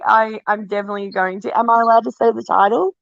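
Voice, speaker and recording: A woman's voice: on the high side, fairly even intonation, fast talker, vocal fry, fairly bright tone, no room sound, muffled recording. Candid laughing Australian woman. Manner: candid, laughs often, swears freely. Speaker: guest. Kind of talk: casual interview chat.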